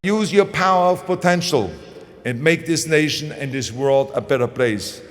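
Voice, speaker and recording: Speaking at a moderate pace with a fairly high pitch, this man, whose native tongue is German, has a heavy German accent. He delivers a motivational speech and interview emphatically, occasionally restarting words.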